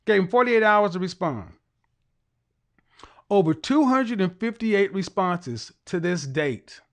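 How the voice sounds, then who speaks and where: A man's voice: high-pitched, expressive, slow pace. A middle-aged man hosting a talk show, giving an emphatic lecturing monologue and repeating his points for weight.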